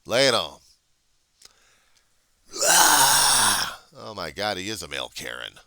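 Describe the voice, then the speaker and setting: A man's voice: deep voice, very animated, fast, sharp tone, no room sound. A man in casual chat who talks bluntly and sarcastically, with plenty of profanity.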